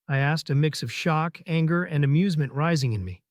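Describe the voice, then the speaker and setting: A man reading a first-person story aloud, delivering teasing dialogue briskly. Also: fairly high pitch, a little mellow, no room sound, studio quality.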